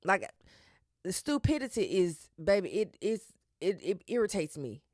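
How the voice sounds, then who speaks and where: A woman hosting her own podcast, talking in a sassy, animated way with slang and cursing. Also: mid-range voice, measured pace, no echo, clean studio sound. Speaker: podcast host. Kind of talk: casual solo podcast talk.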